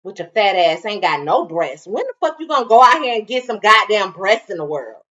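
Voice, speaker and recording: A woman's voice: medium pitch, big pitch swings, brisk, fairly bright tone. A woman co-hosting a reality TV review, talking in a blunt, profane, casual way. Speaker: co-host of a reality TV review show. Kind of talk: casual chat. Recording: dull sound from a distance.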